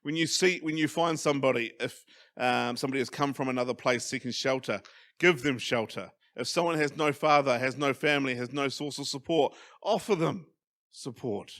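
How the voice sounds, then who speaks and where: A man with a New Zealand accent preaching a sermon as pastor, emphatic, swinging from loud stresses to quiet asides. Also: medium pitch, moderate pace. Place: church hall.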